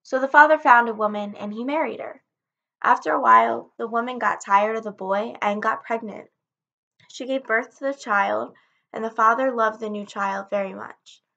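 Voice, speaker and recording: A woman narrating a folktale in a steady, plain storytelling manner. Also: on the high side, moderate pace, vocal fry, dull audio.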